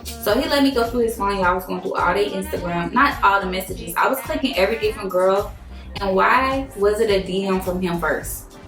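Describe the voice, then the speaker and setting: A young woman vlogger, telling a dating story in an animated storytime style, swearing freely and acting out quotes. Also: medium pitch, brisk. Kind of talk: storytime vlog. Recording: echoey room, faint music.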